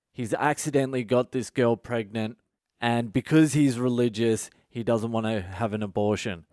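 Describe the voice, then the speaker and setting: A mid-range, darkish male voice, dry and studio quality, belongs to a comedian hosting his own solo podcast at home at night. He tells a story bluntly, swears freely and adds sarcastic asides.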